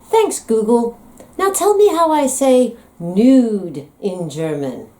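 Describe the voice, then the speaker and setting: Animated American woman, playful vlogger. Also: on the high side, slow. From United States. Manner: playful, teasing, dramatic. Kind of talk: comedic vlog monologue.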